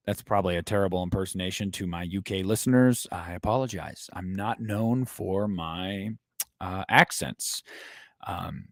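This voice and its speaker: A man hosting a casual movie news livestream who rambles and jokes crudely in an animated way. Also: lowish voice, a little slow, no echo, studio quality. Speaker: host of a movie news stream.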